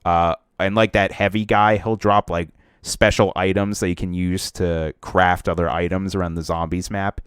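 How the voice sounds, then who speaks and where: Young dude chatting games on a podcast, lowish smooth voice, dry close mic, says like a lot. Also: male voice, little pitch movement, normal speed, no room sound. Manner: rambling, many "like" fillers and restarts. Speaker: podcast co-host. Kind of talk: casual chat about video games.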